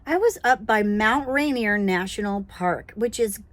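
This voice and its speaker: A woman tells a personal story in a casual, animated way, self-deprecating and prayerful by turns. Her voice sits in a middle register. The recording is dry and close, with no room sound. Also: medium pitch, measured pace, no room sound. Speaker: speaker telling a personal faith story.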